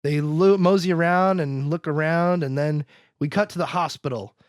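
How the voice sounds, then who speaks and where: A man's voice: fairly high pitch, dry recording, studio quality. A man co-hosting a podcast, casually recapping a film and acting out the characters' lines, laughing as he goes. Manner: animated, acts out characters' lines in quick voices; laughs often, trails off and restarts. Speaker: podcast co-host.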